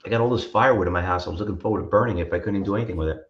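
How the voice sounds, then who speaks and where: A man co-hosting a trading show, telling rambling, animated stories in casual chat. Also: deep voice, rapid-fire. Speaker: co-host. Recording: roomy, dull-sounding mic.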